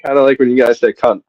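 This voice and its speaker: A man's voice: medium pitch, no echo, muffled recording. A man from the northern United States, a podcast guest who chats casually and laughs often. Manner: laid-back, laughs often. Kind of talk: casual chat.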